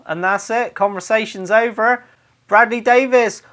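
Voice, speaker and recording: A Cornish-accented man talks through local sayings in a jokey, off-the-cuff monologue. He is a radio DJ who keeps bursting into loud, overdone dialect phrases. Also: high voice, moderate pace. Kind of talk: comic monologue reading out followers' sayings.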